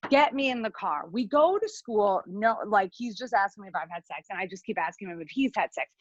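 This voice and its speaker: A young adult woman telling a comic personal story over a video call, rambling with quick asides. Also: mid-range voice, animated, dry recording. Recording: dry, dull lo-fi video call audio.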